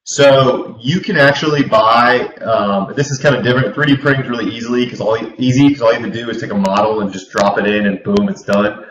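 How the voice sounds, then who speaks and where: A man's voice: mid-range voice, fairly even intonation, a little fast, a bit bright. A man in a casual panel discussion, chatting and explaining with hands-on examples. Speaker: panel guest. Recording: roomy, distant, lo-fi mic.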